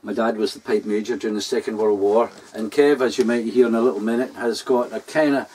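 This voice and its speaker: A man's voice: fairly low pitch, steady tone, quick pace, darkish tone, slightly rough. A Scottish man hosting an online folk gig, chatting casually and a little self-deprecatingly between songs. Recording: voice from a distance off the mic.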